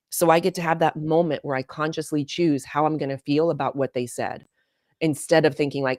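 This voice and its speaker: A woman's voice: deep voice, steady tone, normal speed, a little mellow, no room sound, studio quality. A woman in her forties, a guest coach, talking earnestly and emphatically on a podcast, often repeating her points. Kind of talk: casual podcast talk.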